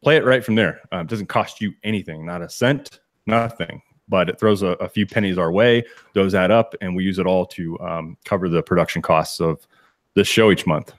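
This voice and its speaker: A man's voice: low-pitched, moderate pace, dry recording. A man co-hosting a sports podcast from a home studio, chatting casually and rambling through restarts and laughing asides. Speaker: podcast co-host.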